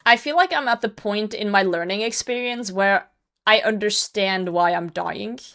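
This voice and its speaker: Chatting casually with her viewers during a live game stream, a young woman is blunt and self-deprecating, laughing frequently and swearing when frustrated. She speaks at a moderate pace in a medium-pitched, bright, forceful voice.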